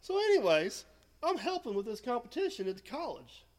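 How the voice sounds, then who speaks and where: A man in his late thirties co-hosting a casual podcast, an animated storyteller who gets fired up. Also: extremely high pitch, a little fast. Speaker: podcast co-host. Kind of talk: casual chat. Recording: faint background noise, early podcast.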